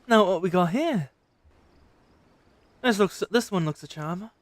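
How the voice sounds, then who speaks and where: A man's voice: high-pitched, lively intonation, a little slow, dry recording, pitched above the performer's own voice. A man voicing a brutal male slaver who barks threats, while reading game dialogue aloud. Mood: threatening. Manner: snarling, shouted threats.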